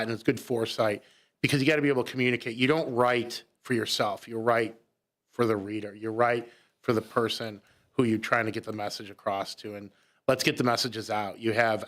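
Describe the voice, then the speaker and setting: An earnest male guest on a radio talk show, explaining at length with frequent restarts. His voice sits at a typical pitch for a man. The conversation is recorded in a radio studio. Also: a bit bright.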